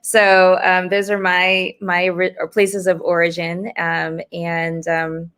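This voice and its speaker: A woman's voice: lowish voice, monotone, slow, clear, resonant tone. A reverend from New Jersey and Boston, a woman, talking enthusiastically as a returning panel guest. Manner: warm, enthusiastic, laughs easily. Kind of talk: casual online panel conversation.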